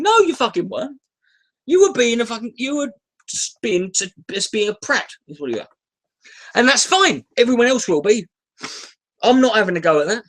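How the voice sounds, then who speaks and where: A man ranting at his chat in a casual, profane livestream, irritable and sighing, breaking off and restarting his sentences. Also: sits high. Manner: irritable, sweary, restarts often, sighs. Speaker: YouTuber ranting on a live stream.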